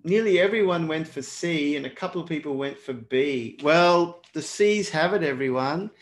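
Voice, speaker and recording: A man's voice: a little high, moderate pace. An Australian man teaching a live online exam prep lesson, encouraging and speaking to viewers in the chat by name.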